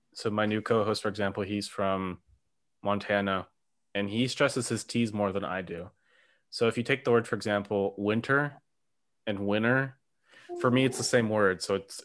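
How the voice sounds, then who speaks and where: A man hosting a podcast interview. He talks in a relaxed, curious way and often says "um.". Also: fairly low pitch. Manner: relaxed and curious, with "um" and light laughs. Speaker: podcast host. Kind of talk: casual interview chat.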